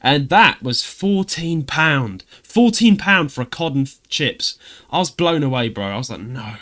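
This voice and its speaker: A man with a Cockney accent, co-hosting a casual podcast and telling stories with loud acted outbursts. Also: a little high, expressive, measured pace. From London, England. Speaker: podcast co-host.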